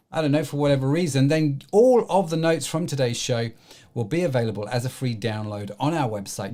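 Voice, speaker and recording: A man hosts a business podcast with a chatty, rambling way of talking, full of ums and restarts. His voice sits at a middle pitch. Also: darkish tone. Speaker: podcast host. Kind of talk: podcast interview.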